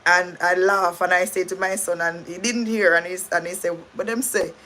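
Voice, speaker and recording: Bright-voiced Jamaican woman chatting. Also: fairly low pitch, level tone, moderate pace. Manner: rambling, warm thanks to viewers, frequent restarts. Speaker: livestream host. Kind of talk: casual livestream chat.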